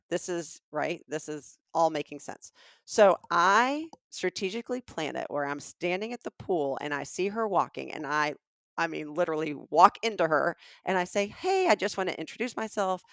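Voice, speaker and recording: Middle-aged Southern woman, comic podcast storyteller, slightly low voice. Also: no room sound, clean studio sound. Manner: animated, acts out the dialogue of people in her stories. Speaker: podcast co-host. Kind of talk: comedic storytelling.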